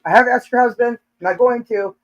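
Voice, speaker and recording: A woman's voice: fairly high pitch, fast talker, poor audio. A woman hosting a casual live chat, joking and teasing, laughing often between lines. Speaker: livestream host.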